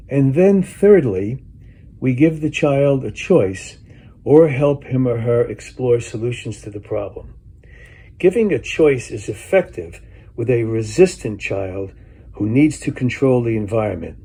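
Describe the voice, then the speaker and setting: A man presenting a training talk on handling difficult behavior in young children, speaking in a lively way. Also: mid-range voice, measured pace, breathy edge. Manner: lively, acts out children's voices in quotes. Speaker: parenting and teaching workshop speaker.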